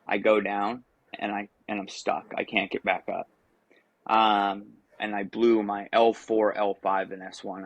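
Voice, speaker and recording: A man's voice: on the low side, fairly bright tone, dry recording, poor audio. A man in his thirties, a podcast guest, telling his life story casually with many ums and restarts.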